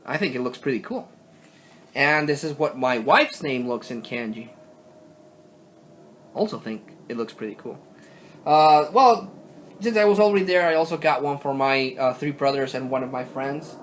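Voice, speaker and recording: With a little hiss or hum in the background, a young man from Mexico rambles through a casual show-and-tell vlog of his collection. His mid-range voice is expressive, moderately paced, with long pauses, fillers, and self-corrections.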